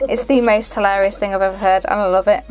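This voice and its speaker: A young woman hosting a card-opening video, chatty and giggly, repeating herself as she reads out each card. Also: on the high side. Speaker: channel host opening card packs. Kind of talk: casual chat while opening booster packs. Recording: faint music behind.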